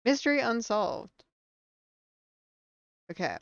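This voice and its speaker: A woman streamer commenting live on a game, reading on-screen text aloud between quick reactions. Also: on the high side, sing-song, vocal fry, dry recording, muffled recording.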